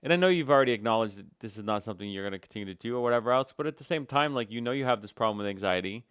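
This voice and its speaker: Male reaction host, low smooth voice, dry close sound, casual and filler-heavy. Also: animated, very fast, fairly bright tone, dry recording. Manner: hesitant, filler-heavy, musing. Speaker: commentary host reacting to a stream.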